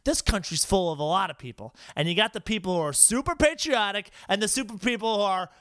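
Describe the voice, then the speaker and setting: A man's voice: high voice, lively intonation, fast talker, fairly bright tone, no room sound. A man co-hosting a podcast, emphatic and provocative in casual chat, swearing freely. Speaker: podcast co-host.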